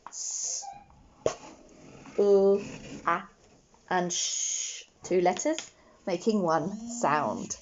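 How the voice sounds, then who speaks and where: A woman's voice: on the low side, darkish tone, lo-fi sound, slight background noise. A woman teaching a phonics lesson to young children, patient and encouraging, sounding out each letter. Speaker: primary school teacher.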